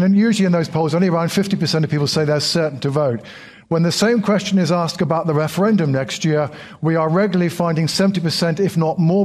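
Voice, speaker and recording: A man giving expert analysis on polls, measured and explanatory. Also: a little high. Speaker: polling expert.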